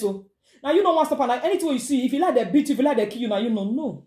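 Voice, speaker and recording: Nigerian woman vlogger, lively storytelling advice, slightly high pitch, echoey room. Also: racing. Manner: animated, acts out quoted voices, mixes in pidgin. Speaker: vlogger giving relationship advice. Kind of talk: casual advice monologue.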